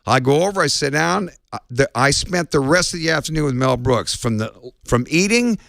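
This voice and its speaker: Male guest storyteller, gravelly tone, dry close sound, animated anecdotes. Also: a little high, moderate pace, no room sound. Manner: lively storyteller, acts out quotes. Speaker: interview guest.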